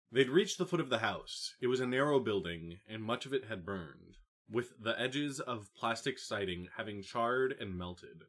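A man narrating a novel audiobook in a calm, even reading. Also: medium pitch, normal speed. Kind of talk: scripted narration.

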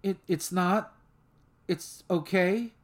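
A man's voice: high-pitched, takes it slowly, pitched above the performer's own voice. A man voicing a frightened, apologetic young woman whose body is tendrils, speaking in a pleading way.

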